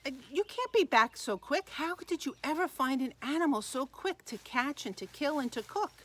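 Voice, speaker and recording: A man's voice: extremely high pitch, animated, normal speed, a bit bright, pitched above the performer's own voice. A woman voicing an elderly father who questions and hesitates, musing aloud as he tries to work things out. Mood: doubtful. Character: old blind father, doubtful and searching.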